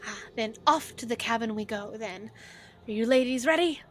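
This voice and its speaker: A woman's voice: a little high, normal speed, fairly bright tone. A woman narrating a tabletop game as game master, in a chatty, filler-heavy way.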